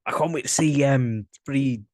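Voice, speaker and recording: A man's voice: medium pitch, moderate pace, darkish tone, dry recording, clean studio sound. A man with a Northern English accent, co-hosting a casual podcast chat, laid-back and hesitant, often trailing off. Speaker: podcast co-host.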